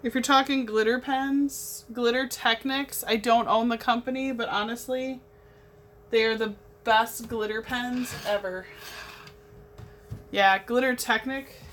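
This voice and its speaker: A woman's voice: on the high side, steady tone, measured pace, a bit bright, a little hiss or hum. Chatty young woman crafting on a livestream, bubbly, talks to her viewers nonstop. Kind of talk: casual chat while painting.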